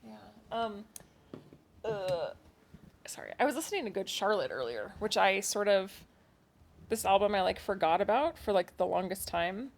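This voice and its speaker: A woman's voice: mid-range voice, animated, moderate pace. A woman co-hosting a podcast from home, chatting casually and laughing at herself. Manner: chatty, self-deprecating, laughs often. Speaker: podcast co-host. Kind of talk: casual chat. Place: home at night, kids asleep nearby.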